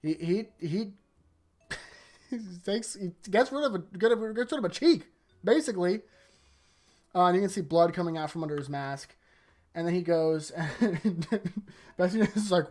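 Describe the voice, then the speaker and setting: A YouTuber giving a casual, rambling manga chapter review late at night, tired, leaning on "like" a lot and often trailing off into a quieter voice. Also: mid-range voice. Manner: rambling, heavy use of "like", sentences often trailing off softer. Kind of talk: casual video commentary.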